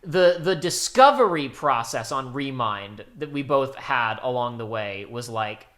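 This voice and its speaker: A young man co-hosting a casual podcast chat, rambling and animated, bursting into loud acted-out quotes. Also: medium pitch, unhurried. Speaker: podcast co-host.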